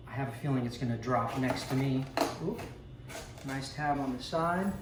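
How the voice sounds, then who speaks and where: A man's voice: medium pitch, normal speed. Chatty man unboxing in an echoey room. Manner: chatty, relaxed, with frequent ums and asides. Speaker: vlogger unboxing a coffee maker. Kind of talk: casual unboxing commentary. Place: home room with a dog. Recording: echoey room, distant mic, noisy background.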